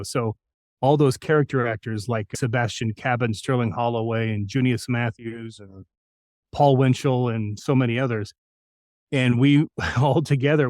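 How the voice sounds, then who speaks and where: A man's voice: mid-range voice, darkish tone, no room sound. Older man reminiscing in a dry close mic. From New Mexico, United States. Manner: reminiscing, anecdotal, self-deprecating. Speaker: voice actor guest. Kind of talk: storytelling interview.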